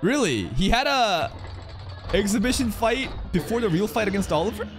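A man hosting a live anime reaction, heated and profane, yelling at the screen. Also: high voice, lively intonation, normal speed. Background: anime episode audio with music.

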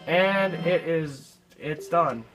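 A man's voice: fairly high pitch, extremely slow, rough recording. A young man commentating a video game he is playing, frustrated and swearing often. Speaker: gameplay commentator. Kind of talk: let's play commentary. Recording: game music underneath.

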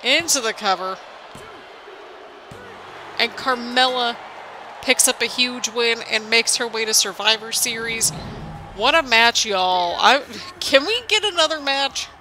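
A woman's voice: a little high, lively intonation, a little slow, pauses often, background noise. A young woman hosting a gaming channel, chatting casually and rambling as she comments on a wrestling game. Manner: chatty, rambling, laughs often. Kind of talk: casual let's-play commentary.

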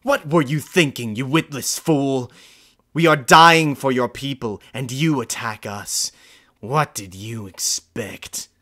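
A man voicing an arrogant male deer captain in a storybook reading, shouting his lines with scorn. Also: mid-range voice, slow, voice pushed up. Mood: furious.

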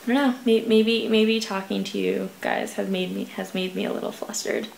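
Giggly young woman rambling, gravelly voice. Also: medium pitch, steady tone, normal speed, a little mellow, slight background noise, low-quality recording. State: slightly out of breath. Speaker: vlogger. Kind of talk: casual late-night vlog. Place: bedroom of an apartment at night.

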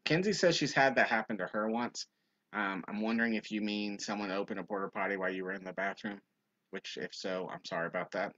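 A young man with a fairly low voice tells a funny story in a relaxed livestream. He is a youth minister who jumps into high, loud voices when he quotes people. The sound is dull and lo-fi. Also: fast talker.

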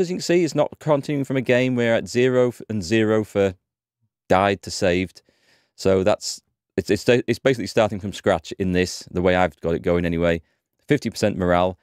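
A man chats his way through a strategy game on a live stream, thinking aloud and restarting his sentences. His voice sits low and a little worn after recent strain. The sound is dry and close. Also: a little mellow, no room sound. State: voice recovering from strain. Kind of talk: casual gameplay commentary.

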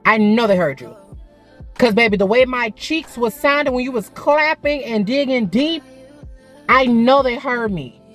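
A woman's voice: on the high side, measured pace, fairly bright tone, soft background music. Chatty profane woman vlogger, story time. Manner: chatty, frank and profane, calls the viewer "girl" and "baby". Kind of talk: casual story-time vlog.

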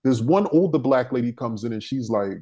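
A young adult man telling a story on a discussion panel, profane, animated and emphatic. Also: medium pitch, brisk.

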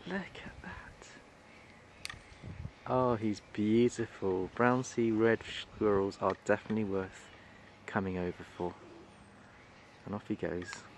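Gravelly low-voiced man gushing over wildlife. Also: steady tone, unhurried, a little hiss or hum. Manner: gushing, admiring, murmured exclamations. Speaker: wildlife videographer. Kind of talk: off-camera commentary while filming. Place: outdoors in island woodland.

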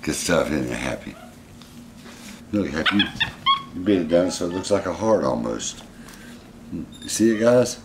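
A man's voice: low voice, very animated, a little slow, pauses often, noisy background. A man, casually vlogging and coaxing his pet monkey in a playful way. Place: indoors at home with a pet monkey.

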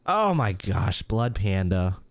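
Male streamer with a lowish voice, easygoing live-chat host who keeps chuckling. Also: very animated, slow, no room sound. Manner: reads viewer names aloud, chuckles often. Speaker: livestream host.

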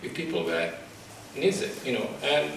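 A male photographer speaking about his exhibit in a halting, passionate way, searching for words, at a microphone. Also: mid-range voice, sing-song, fairly bright tone, a little hiss or hum. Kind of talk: emotional public talk. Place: exhibit talk at a college, indoors. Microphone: microphone in front of him. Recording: echoey room, distant mic.

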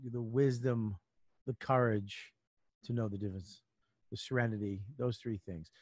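A comedian man talking on a podcast in a middle-pitched voice. He hands out gruff, blunt advice full of swearing. The sound is dry and close, with no room around it. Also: steady tone, moderate pace, a little mellow, no echo. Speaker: comedian guest. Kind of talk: casual podcast chat.

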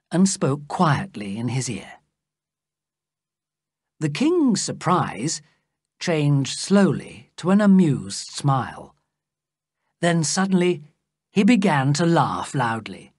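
A woman reading a classic adventure story aloud in a slow, careful, expressive way, as scripted narration for English learners. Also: sits low, slightly rough, no room sound, clean studio sound.

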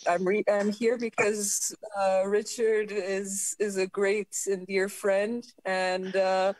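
A woman from Eastern Europe joking casually on a video call, deadpan and halting. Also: medium pitch, dry recording. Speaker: guest comedian.

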